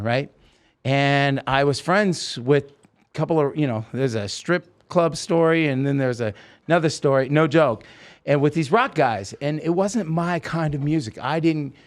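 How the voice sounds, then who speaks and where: A man hosting a podcast, telling stories in a rambling, animated way with lots of restarts. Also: mid-range voice. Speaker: podcast host. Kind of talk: casual chat, storytelling.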